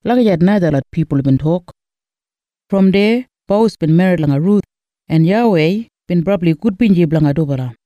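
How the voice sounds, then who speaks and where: A man with an Australian Kriol accent reading a Bible story aloud in steady, rhythmic storytelling. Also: high voice, normal speed, no room sound. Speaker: scripture reader. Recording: dull lo-fi dry recording.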